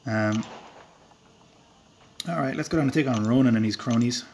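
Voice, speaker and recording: A man's voice: mid-range voice, normal speed, long pauses, a little mellow, slight background noise. Rural Irish man chatting over gameplay. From Ireland. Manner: rambling and self-deprecating, with filler words and chuckles. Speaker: game streamer. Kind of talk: casual live-stream chat while gaming.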